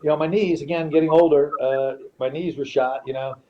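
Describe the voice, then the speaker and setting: A middle-aged man tells a story as a podcast guest, his voice sitting a little high for a man. He swears freely and acts out each person in the story. The audio is a bit dull, with faint background noise. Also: brisk. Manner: profane, animated, quotes people in his stories. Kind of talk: casual storytelling.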